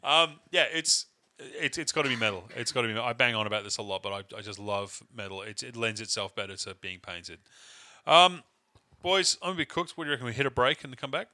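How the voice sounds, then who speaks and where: Casting: young male podcast host, very bright forward voice, loose rambling banter. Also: medium pitch, brisk. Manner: rambling, laughs often, swears casually. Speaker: podcast co-host and event organiser. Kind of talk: casual chat.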